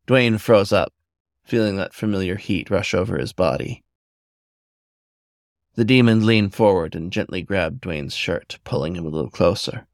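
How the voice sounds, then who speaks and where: Low-voiced man reading a story. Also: normal speed, dry recording, studio quality. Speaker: narrator.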